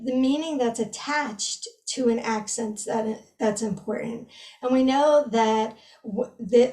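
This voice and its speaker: A woman's voice: on the high side, a little mellow. Thoughtful woman explaining, slightly distant. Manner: measured, explanatory, with frequent fillers. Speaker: guest researcher. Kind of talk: academic interview.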